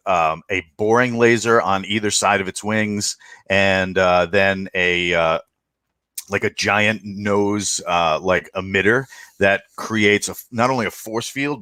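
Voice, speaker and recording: Easygoing male game master, low voice, dry close sound. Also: pushed and bright, no room sound. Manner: loose, laughing, lots of fillers. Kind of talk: casual game intros and narration.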